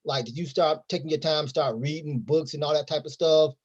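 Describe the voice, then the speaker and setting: A man's voice: on the high side, fairly quick, husky, lo-fi sound. A man hosting an interview who asks long questions in a loose, rambling way and restarts his words. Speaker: interview host.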